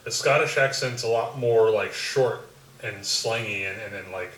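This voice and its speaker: A man's voice: on the low side, normal speed. Laid-back man in an echoey room. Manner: joking, swears freely, trails off quietly. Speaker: podcast co-host. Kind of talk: casual chat. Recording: echoey room, mic at a distance.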